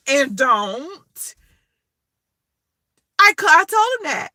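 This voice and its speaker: A woman tells stories in a casual, blunt and profane manner. Her voice sits high and bright and swings widely in pitch. The sound is close and dry. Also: animated, takes it slowly, no echo. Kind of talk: casual storytelling.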